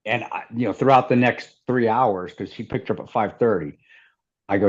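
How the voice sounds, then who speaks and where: A middle-aged man from the American Midwest tells a story as an interview guest, rambling casually with restarts and laughter. His voice is mid-range at a normal speed, and the audio sounds dull.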